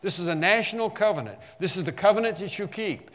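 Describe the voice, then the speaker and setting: A man preaching an expository sermon, emphatic, slowing on key phrases and rising in bursts. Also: on the high side, animated, a bit bright, long reverb tail. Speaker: pastor.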